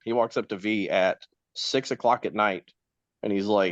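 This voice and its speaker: Low-voiced man telling a rowdy story. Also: normal speed, no room sound. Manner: profane, animated storyteller doing quoted voices. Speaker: podcast co-host. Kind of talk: casual storytelling chat. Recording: dull lo-fi sound.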